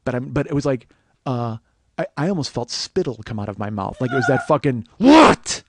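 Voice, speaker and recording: A man in his forties hosting a comedy podcast, telling a profane story and breaking into shouts as he reenacts an argument. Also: mid-range voice, fairly quick, background noise. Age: 40s. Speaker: podcast host.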